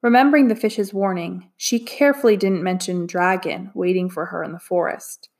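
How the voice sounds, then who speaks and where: A woman narrating a storybook in a calm, even way. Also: fairly low pitch, moderate pace, vocal fry. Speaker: audiobook narrator. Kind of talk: storybook reading.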